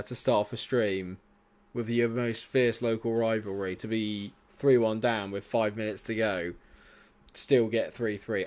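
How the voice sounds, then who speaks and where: A young man streams a football management game, answering both the game and his chat and swearing often. His live commentary drops into low mutters, then breaks into sudden shouts.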